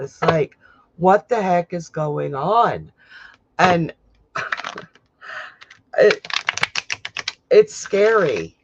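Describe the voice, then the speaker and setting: A man's voice: high voice, muffled recording, background noise. A man hosting a live stream as a psychic, giving casual tarot readings to viewers in a chatty way and laughing often.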